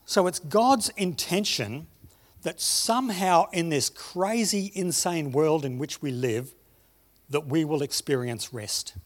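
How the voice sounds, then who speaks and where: A man preaching a sermon, telling stories and slowing down on key phrases. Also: a little high. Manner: storytelling, slows down for emphasis. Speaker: pastor.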